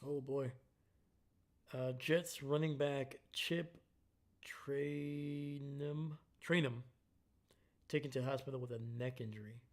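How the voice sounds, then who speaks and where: A man's voice: medium pitch, normal speed. A young man casually talking over a football game on a live stream, ending nearly every sentence with "man". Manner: relaxed, says "man" after most lines.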